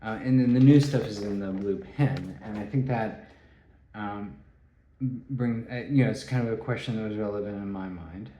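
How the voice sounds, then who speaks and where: A man giving a rambling solo talk, halting and restarting his phrases. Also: lowish voice, mellow, slight background noise. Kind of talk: rambling spoken monologue. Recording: echoey room.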